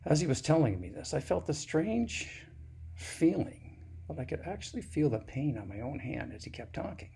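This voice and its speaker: A man telling a personal story in a plain, unhurried, folksy way. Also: a little high, big pitch swings, gravelly, mellow, slightly rough.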